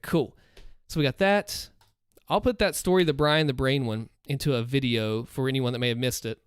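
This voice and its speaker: A man's voice: medium pitch, no room sound, studio quality. A man in his thirties hosting a livestream, chatting casually and upbeat with his viewers. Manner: upbeat, chatty, talks to chat. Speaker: livestream host and story narrator.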